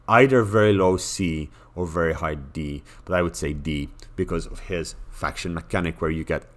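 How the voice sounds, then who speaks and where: A man's voice: rumbling low, fairly bright tone. A man talking casually through a game tier list, blunt and joking, with many fillers and restarts. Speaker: gaming commentator.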